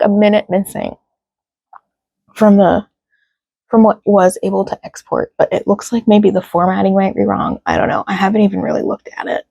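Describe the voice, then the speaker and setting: Gravelly, upset woman vlogging from home. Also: medium pitch, expressive, normal speed, mellow, dry recording. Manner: frustrated, near tears, laughing it off. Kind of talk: casual vlog chat.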